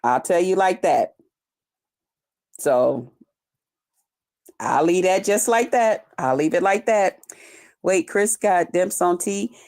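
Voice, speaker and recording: Slow, profane woman chatting on a livestream. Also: lowish voice, darkish tone. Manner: laughs often while greeting viewers. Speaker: livestream host reading her chat. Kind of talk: casual unscripted live chat.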